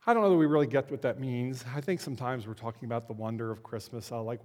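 A man giving a conversational Christmas sermon as a pastor, slowing down to stress key words. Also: mid-range voice, a little mellow. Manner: conversational, slows down for emphasis. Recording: long hall reverb.

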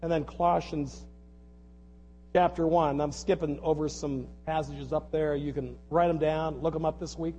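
A man's voice: a little high, steady tone, moderate pace, dark tone, slight background noise, poor audio. A man preaching an earnest sermon, reading scripture aloud and repeating key phrases. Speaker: pastor.

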